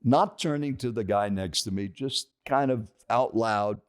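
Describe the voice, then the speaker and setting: An older man, a podcast guest, telling an animated story and questioning his listeners. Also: on the low side, a little slow, clear, resonant tone.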